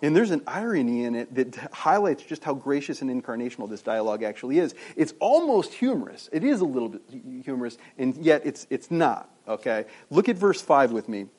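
A man's voice: medium pitch, very animated, brisk, hardly any pauses, a little mellow. A man preaching a sermon in a conversational way, asking the listeners questions and often restarting his sentences. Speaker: pastor.

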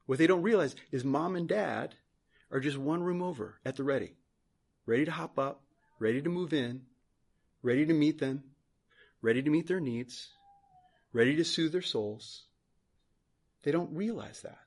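A man's voice: a little high, gravelly, darkish tone, breathy edge. A male pastor preaching a sermon in church, earnest, repeating phrases for emphasis.

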